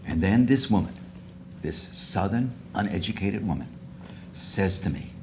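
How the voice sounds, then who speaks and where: In a noisy luncheon hall, an older award speaker tells rambling anecdotes, often restarting and drifting into asides. He has a low voice and speaks at a normal pace.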